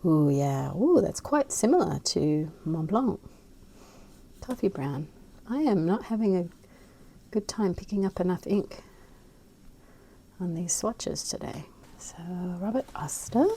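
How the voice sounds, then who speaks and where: An Australian woman chatting casually and rambling as she swatches inks, with soft murmured asides. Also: fairly low pitch, expressive, unhurried, vocal fry, long pauses, husky. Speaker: fountain pen ink vlogger.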